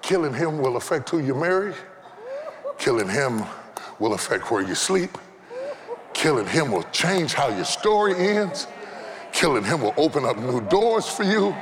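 A man preaching a dramatic sermon, building to shouted climaxes and calling out to the congregation. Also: fairly high pitch, sing-song, moderate pace, background noise. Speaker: pastor. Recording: live church with organ and congregation.

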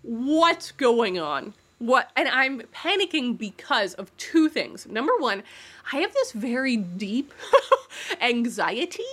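A woman co-hosting a podcast in casual chat, telling stories in an animated way and acting out her own quotes. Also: on the high side, slow pace, husky. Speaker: podcast co-host.

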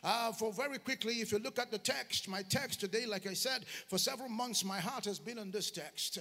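High-pitched preacher, gravelly edge. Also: male voice, a little fast, bright, forceful tone. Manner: fervent call-and-response preaching. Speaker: pastor. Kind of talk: sermon. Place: church hall. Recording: long hall reverb, faint music behind.

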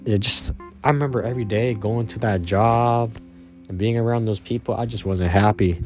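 Low-voiced young man telling a personal story. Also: fairly even intonation, darkish tone, faint music behind. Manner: casual, slangy, halting with many fillers.

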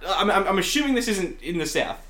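A chatty man with a fairly high, very animated voice. He rambles through his thoughts, laughs a lot and swears casually as he co-hosts a relaxed chat. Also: a little fast, roomy sound. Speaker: podcast co-host.

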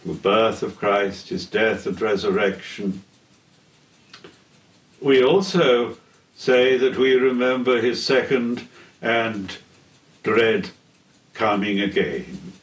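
An older man giving a theology lecture in a deliberate, solemn way, pausing between phrases. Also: fairly low pitch. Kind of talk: slow measured theology lecture. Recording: echoey room, heard from a distance.

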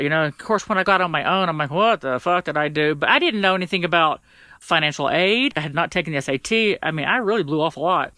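A woman's voice: on the low side, pushed and bright, no echo. A woman sharing a personal story as a podcast guest, blunt and profane, acting out the exchanges she recalls and close to tears.

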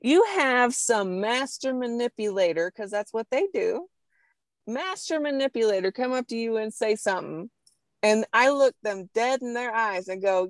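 A woman guest telling stories in a casual interview conversation, lively and quick to laugh. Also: a little high, no echo. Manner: lively storyteller, laughs often.

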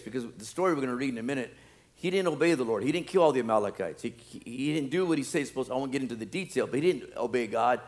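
A man preaching a sermon, acting out scripture scenes and then dropping to quiet, wry asides. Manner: dramatic, swings from loud acted-out pleading to low asides.

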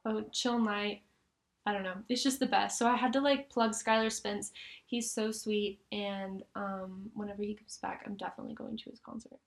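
A woman's voice: medium pitch, fairly even intonation, normal speed. A young woman co-hosting a casual podcast, chatting enthusiastically with lots of "like" fillers. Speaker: podcast co-host. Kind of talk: casual chat.

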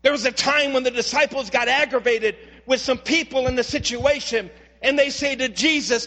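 A man's voice: very high voice, normal speed, sharp tone. A lead pastor preaching an impassioned sermon in a church, earnestly repeating words as he builds and appealing straight to his listeners. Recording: long reverb of a large hall.

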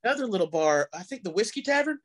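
A male comedian guest telling an animated story in casual chat, swearing freely. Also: sits high, fast talker.

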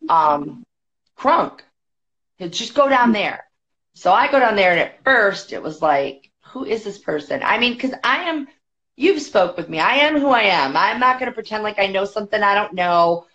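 A woman guest on a podcast, telling a story in a chatty, quick way with many fillers. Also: medium pitch, lively intonation, a bit bright. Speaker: podcast guest, boxing federation executive. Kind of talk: casual storytelling. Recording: dull lo-fi podcast audio.

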